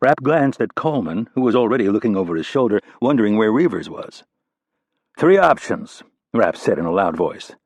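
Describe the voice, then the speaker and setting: A male audiobook narrator with a low, husky voice, reading in a steady, even way. The sound is close and dry, with no room around it. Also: brisk, hardly any pauses, no echo. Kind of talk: scripted narration.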